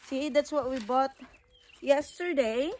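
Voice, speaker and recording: Woman, somewhat high voice, chatty vlog talk, calls viewers guys. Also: slow, a little mellow, a little hiss or hum. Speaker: vlogger. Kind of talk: casual garden vlog.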